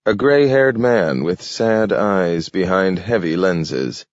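A man narrating a science fiction story in a measured, even way. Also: low-pitched, dry recording. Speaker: audiobook narrator. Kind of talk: scripted narration. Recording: dull lo-fi dry recording.

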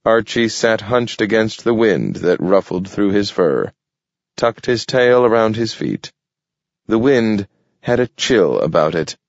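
A man narrates an audiobook in a very deep, steady voice, paced with care. The recording is dull and lo-fi, with a close, dry sound and no room echo. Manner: measured, steady storytelling. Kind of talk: scripted narration.

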